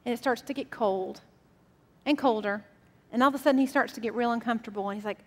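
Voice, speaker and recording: Woman pastor, high voice, chatty storytelling sermon, reverberant church hall. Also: fast, a bit bright. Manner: conversational, storytelling.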